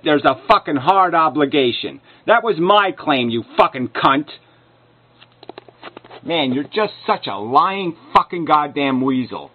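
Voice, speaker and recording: A man's voice: on the high side, animated, unhurried. A man delivering an angry, profane rebuttal rant full of insults, as a video commentator. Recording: narrow phone-like lo-fi sound.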